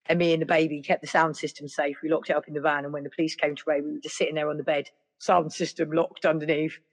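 A middle-aged woman, a podcast guest telling stories in a lively, casual way. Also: sits low, quick pace. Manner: lively, acts out other people's voices. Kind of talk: casual storytelling.

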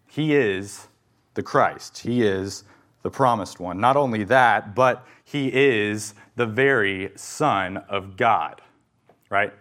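A man's voice: fairly low pitch, slow, fairly bright tone. A young adult man, a pastor, preaching a sermon in an earnest, emphatic way, with some fillers and restarts.

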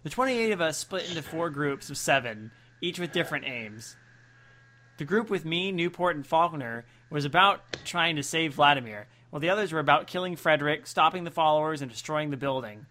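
A man's voice: fairly high pitch, animated, brisk, bright, forceful tone, a little hiss or hum. A man co-hosting a comedy podcast, reading a story and making jokey asides. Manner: jokey asides, bursts of laughter.

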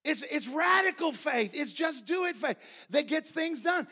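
A man preaching a sermon, telling folksy stories and building to repeated, shouted refrains. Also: extremely high pitch, expressive, a little slow. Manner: folksy storytelling.

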